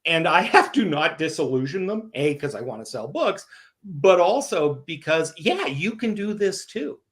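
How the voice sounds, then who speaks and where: A man's voice: a little high, moderate pace. A man from Canada, a guest author in a casual interview, telling stories and acting out the voices of the people he quotes. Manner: animated storyteller, acts out quoted voices.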